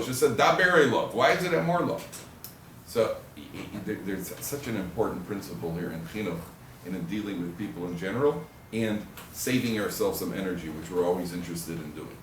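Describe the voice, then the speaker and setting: A man giving an animated Torah class as a rabbi, joking and acting out quoted husbands and wives. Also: lowish voice, brisk, far from the mic, a little hiss or hum. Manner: animated storytelling, acts out quoted husbands and wives, jokey asides. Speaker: rabbi lecturer. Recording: echoey room recorded from afar, faint ambience.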